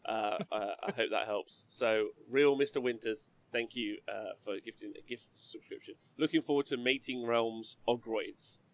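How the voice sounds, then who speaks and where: A man's voice: lowish voice, normal speed, few pauses, a little hiss or hum. Casual man hosting a livestream chat. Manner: relaxed, reading out viewer messages. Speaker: host.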